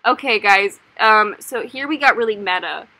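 A woman's voice: medium pitch, normal speed, bright, forceful tone, dry recording. Chatty young woman in a dry room. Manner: chatty, rambling with many "like"s. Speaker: host. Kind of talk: casual review chat.

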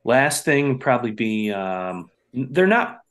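A man's voice: medium pitch, sing-song, slow, a bit bright. A man who drums in a band, answering podcast questions in a laid-back, hesitant way with lots of fillers. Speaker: drummer, podcast guest. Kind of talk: casual interview answers. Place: Hudson Valley, New York area home.

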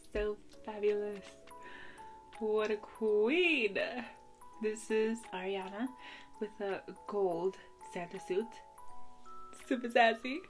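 A woman's voice: mid-range voice, slow pace, pauses often, faint music behind. Giggly young woman gushing over an unboxing. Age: young adult. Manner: bubbly and giggly, gushing with excitement. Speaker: vlogger. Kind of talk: casual unboxing vlog.

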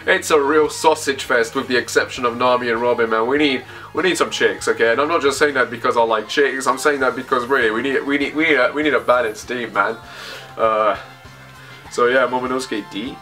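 Bright-voiced man rambling through a reaction. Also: mid-range voice, brisk, faint music behind. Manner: rambling, thinking aloud, excitable. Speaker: manga reaction host. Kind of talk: casual reaction commentary, reading a comic aloud.

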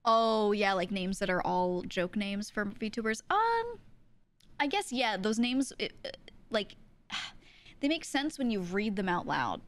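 A woman's voice: mid-range voice, big pitch swings, slow pace. A young woman streaming from home, chatting casually to her viewers and laughing often between sentences. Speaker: VTuber streamer. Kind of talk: casual stream chat, reacting to clips.

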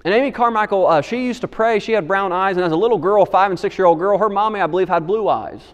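A man's voice: high voice, fast talker, dull audio. A man who is a pastor preaching a sermon, telling a story and then urging his church with emphatic, repeated lines and frequent restarts. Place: church sanctuary. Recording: long hall reverb.

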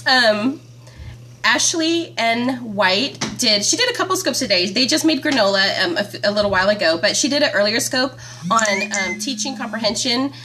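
A woman's voice: a little high, expressive, normal speed, background noise. A woman hosting a live homeschool stream from home, chatting casually, laughing often and reading out viewer comments on her phone. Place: at home, indoors.

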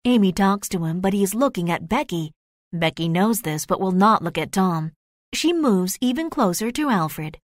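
Woman narrator for a learners' storybook, mid pitch, dry close sound. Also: dry recording. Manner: slow, clear, even reading. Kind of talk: scripted narration of a graded reader.

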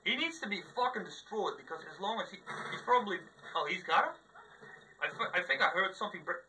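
A man's voice: sits high, expressive, quick pace, pushed and bright. Frustrated, foul-mouthed young man gaming. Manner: swears a lot, frustrated and exclaiming. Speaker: gameplay commentator. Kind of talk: casual gameplay commentary. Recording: mic a bit far off, faint noise.

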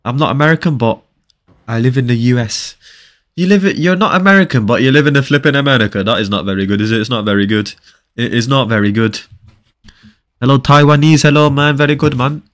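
A man's voice: medium pitch, fast, a bit bright. Casual young man streaming. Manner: casual, bantering, reads viewer chat aloud. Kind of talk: live game stream chat.

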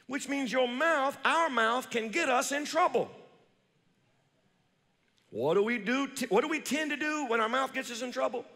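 A pastor delivers a sermon in a large church sanctuary, his voice carried by long reverb. He uses call-and-response with the congregation and reads scripture slowly, swinging from loud, high emphasis to quiet, low asides.

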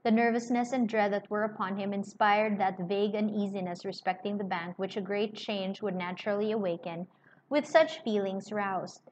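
A woman reading a novel aloud and pausing to paraphrase it in casual asides. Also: mid-range voice, a little mellow. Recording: slightly muffled with faint hiss.

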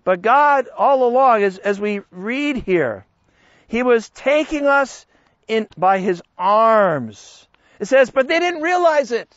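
Male Bible teacher, sermon delivery, high voice, unhurried, emphatic swings; dry close sound. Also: expressive, no echo, lo-fi sound. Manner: slow, emphatic, with big swings in pitch and loudness. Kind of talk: sermon-style Bible study.

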